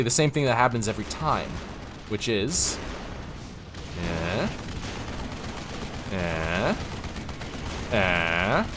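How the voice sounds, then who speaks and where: A man's voice: medium pitch, noisy background. A man casually commentating a strategy game on a live stream, rambling, interrupting himself and chuckling often, with game gunfire behind him.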